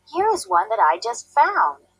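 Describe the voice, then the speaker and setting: A woman voicing an eager, helpful male raccoon who talks quickly. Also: sits high, wildly swooping pitch, a bit bright, no room sound, pitched above the performer's own voice, full character voice.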